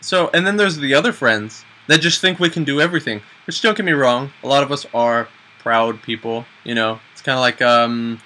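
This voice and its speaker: A man's voice: medium pitch, fairly quick, hardly any pauses, bright, forceful tone, rough recording. A young man hosting a casual chat video, joking and self-mocking as he acts out little everyday scenes. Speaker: video host.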